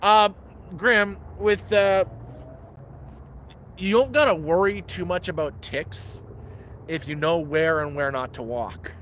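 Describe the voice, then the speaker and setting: A blunt, plain-spoken man chats on a live stream from the woods, his voice sitting a little high. He swears freely, and his phone picks up a faint hum of outdoor air and passing traffic behind him. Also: slow pace, pauses often, a bit bright. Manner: blunt, profane, frank advice giver. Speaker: livestream host living outdoors. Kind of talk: casual live-stream chat. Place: outdoors in woods near a camp.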